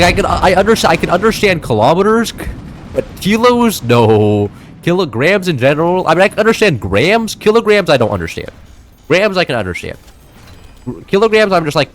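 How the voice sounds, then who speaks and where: A man's voice: on the high side, slight background noise. A young man from the United States streaming a game, chatting casually with viewers in rambling, filler-heavy talk that keeps restarting itself. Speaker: gaming streamer. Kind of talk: casual live-stream chat while playing.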